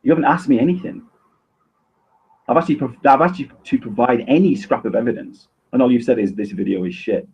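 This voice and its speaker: A man arguing on a video call in a sarcastic, measured, defensive way. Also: mid-range voice, expressive, husky, lo-fi sound. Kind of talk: heated online argument.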